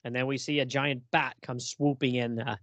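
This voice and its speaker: A man co-hosting a casual film discussion, animated, laughing often and acting out characters' lines. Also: medium pitch, moderate pace, no echo, highs cut off. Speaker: podcast co-host.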